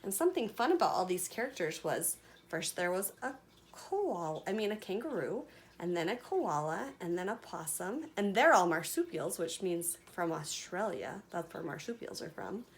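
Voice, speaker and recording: Lively woman reading to preschoolers. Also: on the low side, moderate pace. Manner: animated, chatty, talking to small children. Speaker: preschool story reader. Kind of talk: reading a picture book aloud to children.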